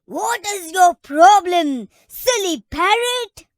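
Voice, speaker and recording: A woman doing a loud, grumpy elephant. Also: very high voice, animated, dry recording, studio quality, full character voice. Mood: angry. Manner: loud, slow scolding. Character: angry grumpy big male elephant.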